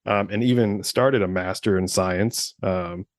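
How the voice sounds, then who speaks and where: A man's voice: sits low, fairly even intonation, a little slow, no room sound, studio quality. A man in his thirties co-hosting a podcast, chatting casually, rambling with lots of fillers and swearing freely. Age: 30s. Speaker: podcast co-host. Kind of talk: casual chat.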